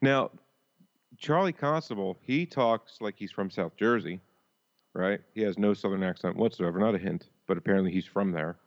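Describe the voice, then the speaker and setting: A man's voice: on the low side, normal speed. A man co-hosting a podcast in casual chat, blunt and sardonic, swearing a lot. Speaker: podcast co-host. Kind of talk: casual chat reviewing a TV episode. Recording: dull lo-fi mic.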